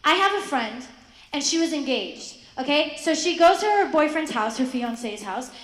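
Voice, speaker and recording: A young woman with a high voice gives a lively faith talk to a room of students. She keeps asking her listeners questions and acts out the voices of the people she quotes. The sound rings around an echoey hall. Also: normal speed. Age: young adult. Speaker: speaker addressing high school students. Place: school hall.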